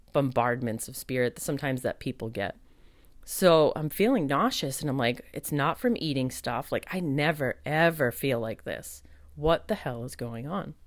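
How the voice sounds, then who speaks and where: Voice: mid-range voice, a bit bright, dry recording, clean studio sound. Chatty medium telling a retreat story. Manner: chatty, many fillers, acts out own past thoughts. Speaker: podcast host and psychic medium. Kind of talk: casual monologue.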